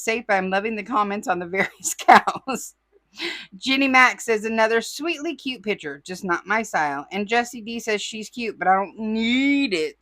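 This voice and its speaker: A woman's voice: mid-range voice, a bit bright, dry recording. A woman from California hosting a crafting channel, reading viewer comments aloud with chatty asides and calling the audience y'all. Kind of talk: casual chat.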